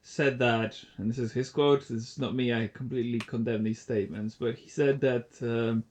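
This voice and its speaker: A man's voice: mid-range voice, fairly even intonation, normal speed, darkish tone. A man co-hosting a casual podcast chat, rambling with fillers and restarts. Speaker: podcast co-host.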